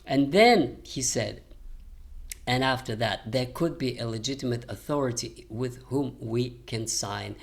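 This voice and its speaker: An older man, a retired historian, giving unscripted commentary in a measured lecturing manner with frequent hesitations. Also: mid-range voice, creaky. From American. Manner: measured, many "uh" fillers, lecturing.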